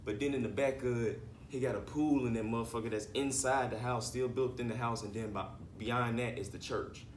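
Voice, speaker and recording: A man's voice: mid-range voice, fairly even intonation, brisk, few pauses, roomy sound, distant mic, slight background noise. A man, a rapper guest telling rambling, profane family stories in a casual interview. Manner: laid-back, profane, rambling storyteller.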